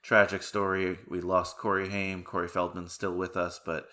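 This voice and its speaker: Guy hosting a movie podcast, low-ish voice but bright, laughs a lot. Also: level tone, normal speed. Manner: enthusiastic, laughs often. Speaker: podcast host. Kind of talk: casual movie discussion.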